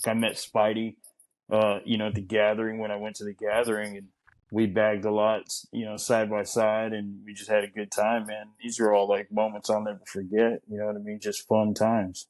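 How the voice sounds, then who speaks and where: Low, flat-voiced earnest man. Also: normal speed, low-quality recording. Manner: earnest, repeats himself, fills with you know. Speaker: guest. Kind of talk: casual chat.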